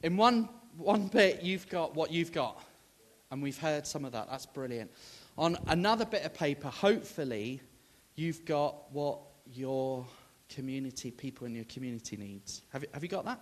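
Minister, animated storyteller who acts out the dialogue, gets the room calling out answers, a voice that swings a lot. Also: male voice, on the high side, normal speed. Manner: rallies the audience to call out answers. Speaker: Baptist minister. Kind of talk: storytelling sermon to a congregation.

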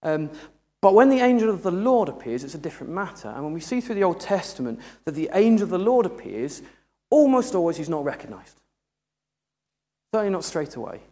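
A man's voice: sits high, big pitch swings, brisk, warm tone. A man preaching a sermon in a humorous, conversational way. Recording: echoey hall.

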